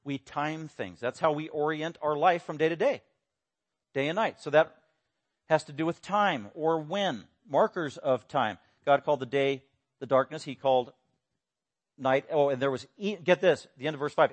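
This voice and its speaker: A man preaching a sermon, emphatic, swinging between loud exclamations and quiet explanation. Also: moderate pace. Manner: emphatic, rising to loud exclamations then dropping low. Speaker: pastor.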